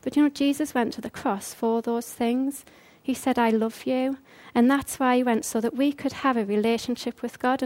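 A woman's voice: a little high, darkish tone. Earnest woman preaching. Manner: earnest, conversational with rhetorical questions. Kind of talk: sermon.

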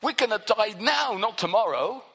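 A man voicing a poor, desperate widow who pleads quickly that she has nothing to give. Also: high-pitched, lively intonation, gravelly, sharp tone, husky, heavily acted. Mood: pleading. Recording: long hall reverb.

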